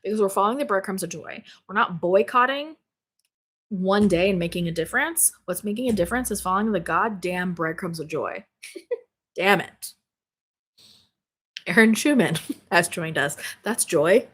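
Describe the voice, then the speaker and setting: Hosting a spirituality live stream in her home office, a bubbly, exclamatory woman chats casually, reads comments out, laughs often and swears casually. Her mid-range voice is a bit bright and slightly rough, at normal speed with long pauses.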